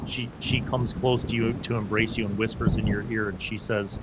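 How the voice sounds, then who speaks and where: A man's voice: on the low side, level tone, normal speed, few pauses, very noisy. Rambling male game master. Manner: rambling, many fillers and restarts. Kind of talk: narrating a tabletop game.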